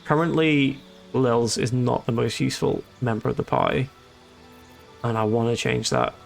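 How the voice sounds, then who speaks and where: A man streams a game with casual, rambling commentary, cracking jokes and amused at himself. His voice has a gravelly, creaky edge at medium pitch, and faint game music sits underneath. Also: steady tone, normal speed. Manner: joking, rambling, self-amused. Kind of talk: casual let's-play commentary.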